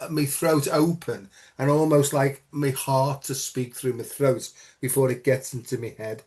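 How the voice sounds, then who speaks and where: A man's voice: mid-range voice, a little mellow. A man hosting a casual chat show, talking earnestly and rambling with lots of "you know". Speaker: host.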